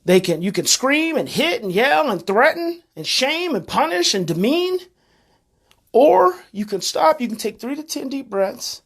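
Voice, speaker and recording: A man's voice: very high voice, sing-song, a little slow, a bit bright. A man giving a live-streamed parenting talk, earnest and coaching, who repeats his key phrases like a refrain. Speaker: parenting educator.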